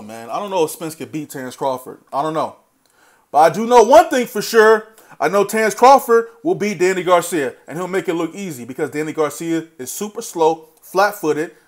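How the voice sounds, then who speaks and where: Blunt ranting man, heated boxing talk. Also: a little high. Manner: blunt, heated, swears freely, talks straight to fighters. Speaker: boxing commentary vlogger. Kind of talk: opinionated casual rant.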